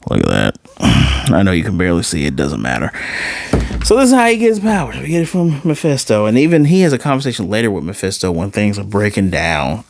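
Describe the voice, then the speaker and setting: Animated slangy man recapping a show. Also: lowish voice, fairly quick, creaky, dry recording. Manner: animated retelling, acts out quoted lines, slangy and profane. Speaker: TV series reviewer. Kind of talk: casual episode recap and review.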